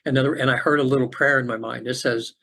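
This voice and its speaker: A middle-aged man, a podcast guest, telling a personal story in an earnest, halting way with many restarts, over a remote call. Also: medium pitch, fairly even intonation, creaky, bright, forceful tone. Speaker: podcast guest, afterlife facilitator.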